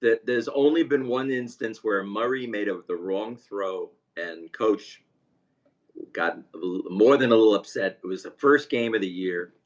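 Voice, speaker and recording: Male co-host, low voice, relaxed and laughing, lo-fi audio. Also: moderate pace. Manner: easygoing, laughs often. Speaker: podcast co-host. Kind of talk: casual sports chat. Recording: dull lo-fi sound.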